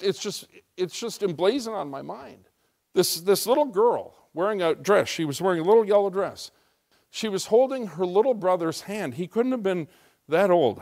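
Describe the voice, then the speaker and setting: A middle-aged American pastor from the United States preaches a sermon, telling a story with emphatic, rising intensity. His voice is high with a darkish tone.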